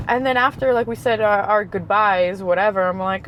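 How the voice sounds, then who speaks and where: A woman's voice: mid-range voice, a little fast, hardly any pauses, a little hiss or hum. A young woman from Queens, a guest telling stories in a casual interview with lots of laughter. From Queens, New York. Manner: laughs often, animated storyteller.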